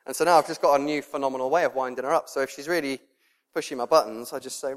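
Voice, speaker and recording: A male preacher, giving a sermon with lively storytelling and laughter. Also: mid-range voice, fast talker. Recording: long reverb in a hall.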